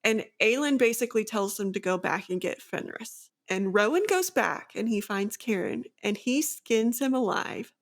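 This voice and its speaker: A woman's voice: medium pitch, normal speed, few pauses. A woman co-hosting a book chat, retelling a fantasy plot in a long, eager run of events. She leans on "like" and "so" as she goes, in an easy and unscripted way. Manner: animated plot recap, many "like" fillers. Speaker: book podcast co-host. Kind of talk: casual book discussion.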